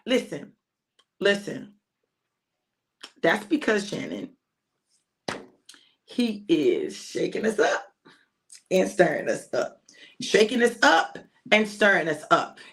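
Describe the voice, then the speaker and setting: A woman's voice: mid-range voice, big pitch swings, slow, pauses often, a bit bright. An older woman preaching an informal sermon, emphatic and repetitive, often calling out to her listeners.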